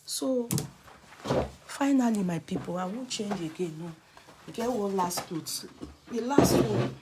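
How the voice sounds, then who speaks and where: A woman's voice: mid-range voice, expressive, measured pace, background noise. A woman with a Nigerian accent chatting casually to her viewers as a clothes-selling vlogger, giving emphatic, preachy encouragement and often dropping to a whisper. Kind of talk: casual live chat to viewers.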